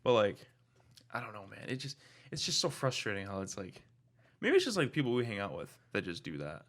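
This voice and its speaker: A young man talks fast and loose in a podcast chat, full of fillers and the odd curse. His pitch swings widely as he talks. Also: big pitch swings, a bit bright. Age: young adult. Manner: loose, slangy and profane, with lots of fillers. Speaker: podcast co-host. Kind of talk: casual chat.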